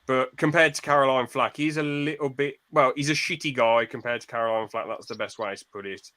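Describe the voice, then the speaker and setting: A man's voice: mid-range voice, fairly even intonation, fairly quick, sharp tone. A young British man hosting a podcast, ranting bluntly in casual chat and swearing freely. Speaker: podcast host.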